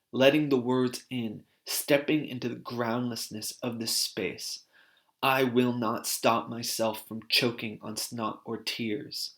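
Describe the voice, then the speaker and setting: A man reading aloud a personal essay he wrote, earnest and deliberate. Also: medium pitch, a bit bright. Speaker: author reading his own article.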